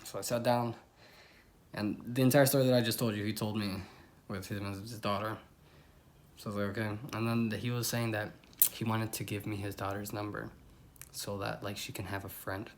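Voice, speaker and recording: A man's voice: on the low side, normal speed. Young man rambling through a story. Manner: rambling, animated, bursts into loud exclamations. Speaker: vlogger. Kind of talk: casual storytelling to camera.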